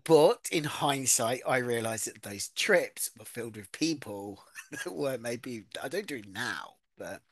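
Co-host, expressive chatty gossip, dry close mic. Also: mid-range voice, unhurried, no echo. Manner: animated, swearing, gossipy storytelling. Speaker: podcast co-host. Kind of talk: casual chat.

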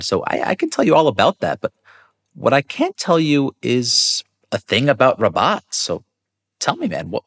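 Give me a male host with a very animated voice, asking friendly, curious questions. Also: medium pitch. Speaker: podcast host. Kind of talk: casual interview conversation.

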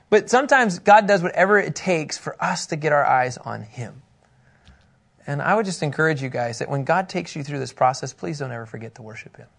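A man teaching a casual Bible lesson in an animated way, often laughing. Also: medium pitch, brisk, gravelly. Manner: animated, laughing, acting out scripture quotes.

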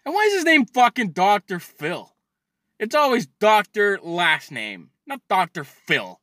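A man on a profane comic rant in a bright, sharp voice pitched somewhat high. His delivery is very lively, jumping from loud outbursts to grumbling mutters. He stammers and restarts as he fumes, and the sound is dry and close. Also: unhurried, dry recording. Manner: swears constantly, stammers and restarts; agitated, swings between loud outbursts and mutters.

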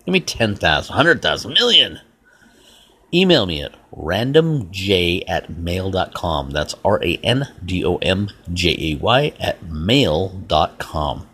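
Deep-voiced guy doing a solo podcast rant, blunt and fed up, voice swings up and down a lot. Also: big pitch swings, slow, sharp tone, breathy edge. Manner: blunt, exasperated, rambling. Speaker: podcast host.

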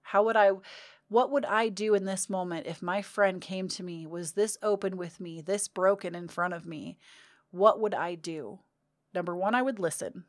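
A woman's voice: fairly low pitch, normal speed, dry recording, clean studio sound. A young woman talking openly to her viewers about healing and self-care, earnest and confiding, with casual swearing. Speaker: vlogger. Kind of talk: candid self-help talk to camera.

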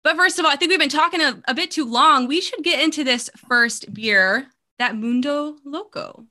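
A bubbly woman co-host chatting casually on a podcast, with a fairly high, bright voice. She talks through a remote call mic with chatty, quick asides. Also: expressive.

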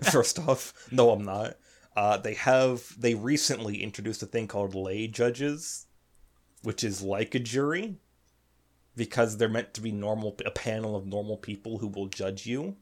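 Sarcastic low-voiced podcast man. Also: measured pace. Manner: sarcastic, laughs often. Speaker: podcast co-host. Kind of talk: casual chat.

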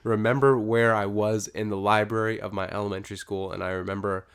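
A man with a fairly low voice chats on a casual podcast. He tells his stories animatedly and slips into the voices of the people he's quoting. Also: fairly quick, clean tone. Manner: animated storyteller who acts out quoted dialogue. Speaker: guest co-host.

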